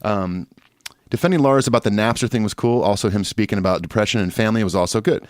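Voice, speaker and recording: Man, podcast co-host, casual, agreeable, filler words, low pitch. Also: quick pace, no echo. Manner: relaxed, agreeable, with many fillers. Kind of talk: casual chat, reading listener emails.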